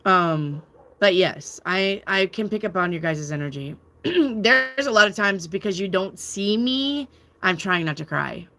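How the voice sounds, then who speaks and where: A woman's voice: mid-range voice, animated, a little slow, bright, forceful tone. A woman hosting a live tarot channel, chatting casually and candidly, reading out viewer comments and swearing freely. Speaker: tarot reader and channel host. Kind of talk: casual live-stream chat.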